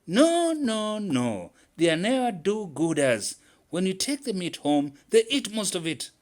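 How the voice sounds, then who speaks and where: A man voicing a scheming, excitable male squirrel trickster in a told folktale, shrill and emphatic. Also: measured pace. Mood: agitated.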